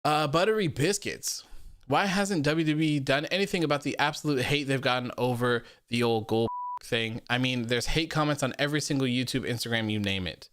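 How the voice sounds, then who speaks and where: A man's voice: medium pitch, a little fast, fairly bright tone, smooth, no room sound, clean studio sound. Chatty young man hosting a wrestling show. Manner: chatty, reads viewer comments aloud, laughs often. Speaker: host of a wrestling post-show. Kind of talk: casual live-stream commentary.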